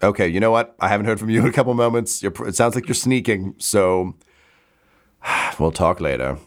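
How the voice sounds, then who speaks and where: A man's voice: on the low side, brisk. A man narrating as game master of a tabletop game, rambling with many fillers and restarts.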